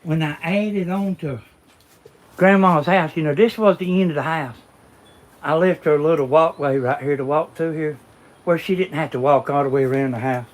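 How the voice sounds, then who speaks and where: A Southern-accented man from Georgia, USA, jokes and rambles to his viewers while filming outdoors in a garden. His voice is a little high and his pace is normal. He's the vlog's cameraman and co-host, chatting casually into the camera he holds.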